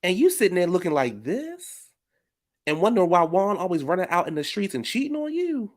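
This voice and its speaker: A man's voice: high voice, very animated, brisk. A man giving a sassy reality TV reunion recap, flamboyant, shady and theatrical. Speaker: reality TV commentator.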